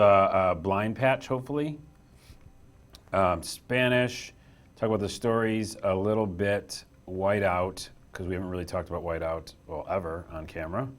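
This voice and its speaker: A young man hosting a casual live stream from a small office room, chatty and self-deprecating as he reads the chat aloud. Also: low-pitched.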